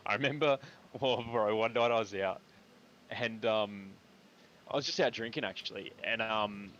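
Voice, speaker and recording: This is casual on-stream gaming chat from a young Australian man telling a drawn-out, profanity-laced story in heavy slang. The recording is muffled with a noisy background, and his lowish voice sounds a bit bright at a moderate pace.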